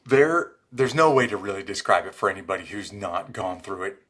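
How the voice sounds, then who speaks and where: A man's voice: deep voice, a little fast, slightly rough. A middle-aged man, a former Army Ranger, telling stories in a podcast interview and acting out the dialogue. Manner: animated storyteller acting out quoted dialogue.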